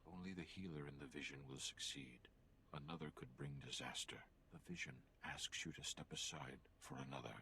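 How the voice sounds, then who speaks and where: A man voicing a stern elder male alien mystic in a game, speaking in a measured, commanding way. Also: rumbling low, fairly even intonation, pushed and bright, slight background noise, full character voice.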